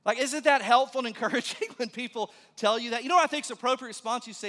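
High, bright-voiced pastor preaching in a hall. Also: male voice, brisk. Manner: conversational and joking, with sudden hushed emphasis. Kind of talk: sermon. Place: church sanctuary. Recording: long reverb of a large hall.

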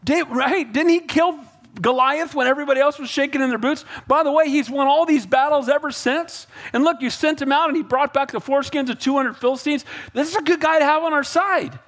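A man's voice: very high voice, fairly quick, a bit bright, voice pushed up. A man doing an eager young prince pleading. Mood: earnest. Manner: casual, earnest persuading. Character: young male prince pleading for his friend.

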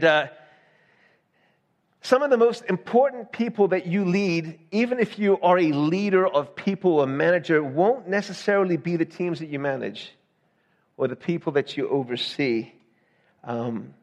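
A man with a fairly high voice preaches to his congregation in a chatty, conversational way. He keeps checking in with the listeners with "right?". His voice rings out in a long reverb from a large church hall. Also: animated, unhurried, pauses often. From Southern United States. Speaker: pastor. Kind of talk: sermon.

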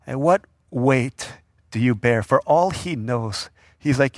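A youth pastor with a mid-range voice preaches a casual sermon at an unhurried pace, telling the story in slang. He's an animated storyteller who acts out the voices of the people in it. The audio has no echo and is studio quality.

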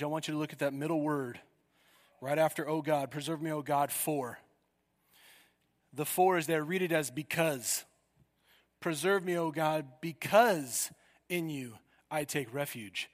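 A man preaching a sermon, telling a story with sudden loud cries. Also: fairly high pitch, unhurried, big-room sound.

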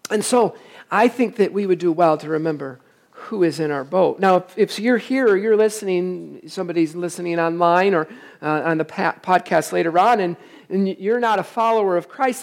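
A man preaching a sermon to his congregation as their pastor, emphatic and quick to put rhetorical questions to the room. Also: sits high. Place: church service, also streamed online.

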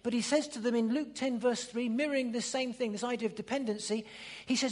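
A preacher giving a sermon, emphatic and repetitive, sometimes dropping to a hushed voice for emphasis. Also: medium pitch, steady tone, fairly quick. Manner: emphatic, repeats phrases, drops to a hush for emphasis. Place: church. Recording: long reverb of a church hall.

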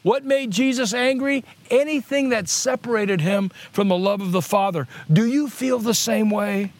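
A man's voice: high voice, moderate pace. A middle-aged male pastor preaching a sermon earnestly, restating key points on purpose to drive them home.

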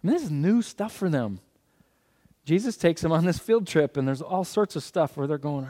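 With a somewhat high voice at ordinary speed, the man gives a sermon as a visiting pastor. He keeps it animated, asking and answering his own questions while making passing jokes.

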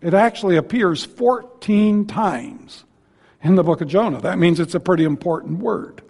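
Man, visiting preacher, sermon, folksy with joking asides, high voice, church with long echo. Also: normal speed, gravelly, a little mellow, husky. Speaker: guest preacher. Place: church sanctuary. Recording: long hall reverb.

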